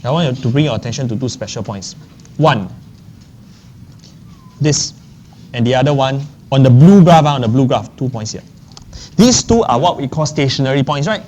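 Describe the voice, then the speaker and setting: Lively maths teacher lecturing. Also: male voice, medium pitch, moderate pace, pauses often, slight background noise. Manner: checks in often with the class; repeats key phrases. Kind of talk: classroom lecture.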